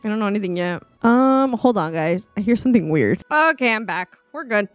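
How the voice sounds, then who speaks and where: A woman giving casual, chatty commentary while streaming a life-sim game, exclaiming and reacting loudly. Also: medium pitch, expressive, brisk, dry recording, soft background music. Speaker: gaming streamer. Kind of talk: casual let's-play commentary. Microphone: desktop studio mic.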